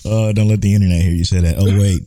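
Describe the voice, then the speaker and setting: A man's voice: sits low, steady tone, fast talker, mellow, dry recording. A young man hosting a casual podcast chat, rambling and swearing freely as he corrects himself mid-sentence. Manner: rambling, profane, self-correcting. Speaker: podcast host.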